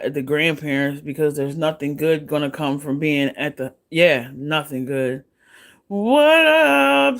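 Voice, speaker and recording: Woman livestream host, casual gossip commentary; blunt, profane, chatty, quick to laugh. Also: low voice, fairly bright tone.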